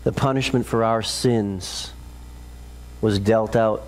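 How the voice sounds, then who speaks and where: Impassioned male preacher, dramatic swings. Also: steady tone. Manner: dramatic, rising to intense high peaks then dropping low and slow. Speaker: pastor. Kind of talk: sermon.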